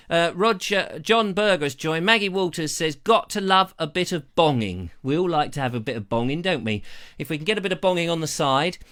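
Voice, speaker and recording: A man's voice: on the high side, clear, resonant tone. A middle-aged English man with an English accent, telling a rambling story on a live stream and acting out bells and voices. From England. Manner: animated, mimics bell sounds and voices. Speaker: vlogger hosting a live stream. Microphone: lavalier.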